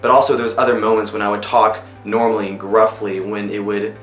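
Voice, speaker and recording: A man who works as a voice actor chats loosely about his roles in a behind-the-scenes interview, often pausing on ums and you-knows. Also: fairly low pitch, flat delivery, a bit bright. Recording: roomy room echo. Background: faint music.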